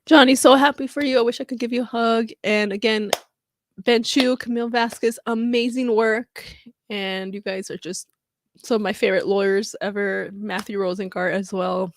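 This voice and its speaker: A woman's voice: mid-range voice, steady tone, moderate pace, no room sound. A woman giving casual, chatty commentary on a live stream, talking in emphatic asides.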